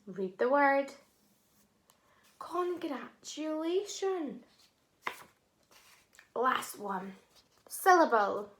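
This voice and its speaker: A woman leads a children's phonics lesson at a slow, deliberate pace, stretching each word into its syllables. Her voice is bright and a little high, and she praises the class often. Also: very animated, slight background noise. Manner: sounds words out syllable by syllable, encouraging praise. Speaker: phonics teacher.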